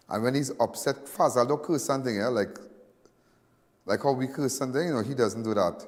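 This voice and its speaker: A man's voice: medium pitch, fairly quick, long reverb tail. A man with a Trinidadian accent hosting a live news show, talking in a rambling, repetitive way in local dialect. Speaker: host of a crime news show. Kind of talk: emotional live commentary.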